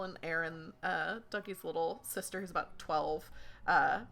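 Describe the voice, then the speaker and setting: A woman's voice: low-pitched, steady tone, moderate pace, vocal fry, a bit bright. A woman running a tabletop game, narrating loosely with lots of fillers. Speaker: game master.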